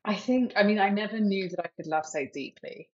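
A woman's voice: medium pitch, brisk, darkish tone, dull audio. A woman in her thirties, a tech executive, answering interview questions openly and reflectively, with many fillers like "like".

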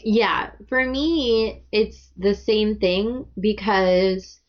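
A woman co-hosting a casual book discussion podcast, animated and joking with sarcastic asides. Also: mid-range voice, drawn-out words, muffled recording.

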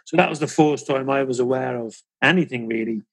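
A man, hosting an interview and asking halting questions with repeated words. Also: medium pitch, gravelly, fairly bright tone. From Northern Ireland. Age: 50s. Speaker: podcast host.

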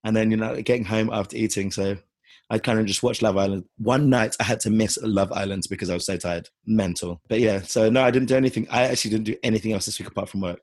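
Quick-talking husky man hosting a podcast. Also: fairly low pitch, fairly even intonation, a little mellow, dry recording, studio quality. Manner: quick, teasing banter. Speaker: podcast host. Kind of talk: casual chat.

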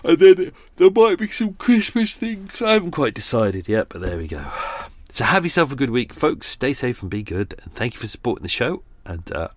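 A man's voice: mid-range voice, very animated, moderate pace, no echo. A man hosting a podcast, wrapping up a true-crime episode with casual, rambling chat and quiz questions. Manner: chatty, rambling, with asides and laughs. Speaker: podcast host.

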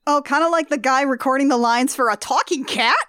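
Podcast co-host, woman: casual, chatty, slightly high-pitched and disbelieving. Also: fairly quick, a bit bright, slight background noise. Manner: chatty, trailing 'like' fillers, incredulous questions. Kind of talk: casual comedic chat.

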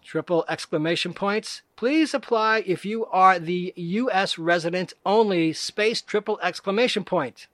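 A man reading scam emails aloud in a deadpan, mocking way, speaking every punctuation mark and space. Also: sits high, measured pace, few pauses, no room sound. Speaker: comedic reader.

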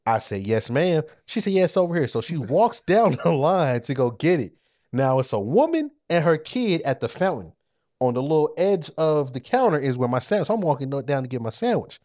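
A man co-hosting a podcast, telling a story in casual chat, animated and profane, often laughing as he goes. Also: a little high, moderate pace, no room sound, clean studio sound. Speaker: podcast co-host.

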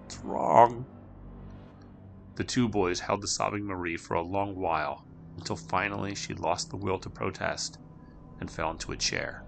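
A man's voice: low voice, steady tone, moderate pace, creaky, fairly bright tone, faint music behind. A man narrating a scripted horror story, acting out each character.

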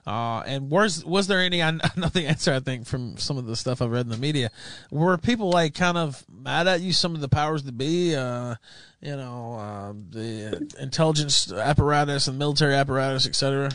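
A man's voice: medium pitch, brisk, a bit bright, dry recording. A man hosting a casual interview, asking loose, chatty questions and laughing often. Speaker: host.

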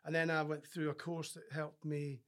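A man's voice: on the high side, completely flat delivery, moderate pace, fairly bright tone. A man from Scotland, a former rugby player and podcast guest, chatting casually and telling stories. He acts out other people's lines and often restarts his sentences. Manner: frequent restarts and filler words. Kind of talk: casual interview storytelling.

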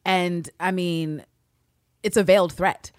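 Low-voiced woman, animated and profane. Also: slow, dry recording, studio quality. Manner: animated, profane, acts out characters' lines. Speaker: podcast co-host. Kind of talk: casual chat recapping a TV show.

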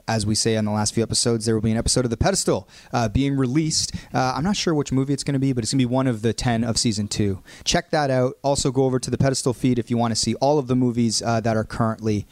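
A man's voice: mid-range voice, a little mellow, no echo. A man hosting a podcast, running through announcements in casual chat. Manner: brisk, with announcements and fillers. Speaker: podcast host.

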